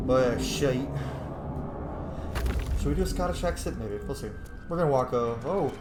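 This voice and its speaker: A man casually commenting on his game playthrough, chatty and excitable. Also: medium pitch, normal speed, pauses often, echoey room, over music. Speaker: gaming channel host. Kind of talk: casual let's-play commentary.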